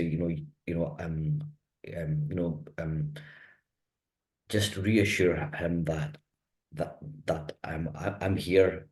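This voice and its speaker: Deep-voiced man who stutters. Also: poor audio. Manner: stutters with repetitions and blocks, reflective and soft-spoken. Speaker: host. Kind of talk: conversational interview.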